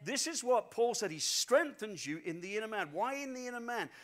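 High-voiced animated man preaching. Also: a little fast. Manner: animated storytelling preacher, repeats phrases for emphasis. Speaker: pastor. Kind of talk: sermon.

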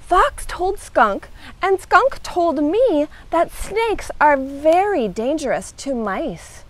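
A woman voicing a worried little male mouse in a children's storybook reading, squeaky and frightened. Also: big pitch swings, takes it slowly, heavily acted. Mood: fearful.

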